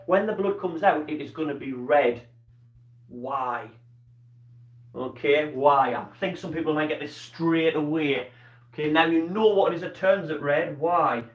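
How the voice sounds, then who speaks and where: A man's voice: a little high, lo-fi sound. Encouraging male teacher, distant roomy sound. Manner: encouraging, asks questions and praises pupils by name. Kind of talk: live online science lesson.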